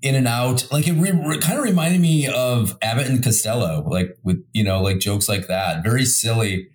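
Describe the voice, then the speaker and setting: A man chatting casually about a film, halting and full of restarts, laughing now and then. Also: mid-range voice, echoey room. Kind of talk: casual film-review chat.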